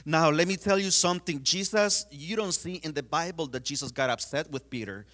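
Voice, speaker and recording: Male preacher, high bright voice, casual sermon with lots of fillers. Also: brisk. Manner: conversational, many fillers, retells scenes.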